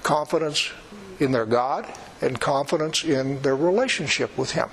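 A man's voice: fairly high pitch, normal speed, slight background noise, low-quality recording. A man preaching a sermon in a conversational, emphatic way with wry asides.

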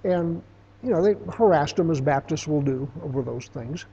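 A man's voice: fairly high pitch, animated, normal speed, dark tone, breathy edge. A middle-aged man giving a conversational Bible teaching, telling stories and reading scripture aloud with emphasis. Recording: dull, lo-fi sound.

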